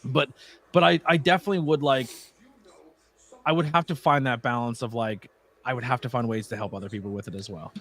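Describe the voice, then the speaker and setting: A quick-talking young man from Pennsylvania rambles through a casual live-stream chat as its host. He sounds animated, drifts off topic and swears casually, with his voice sitting at a middle pitch.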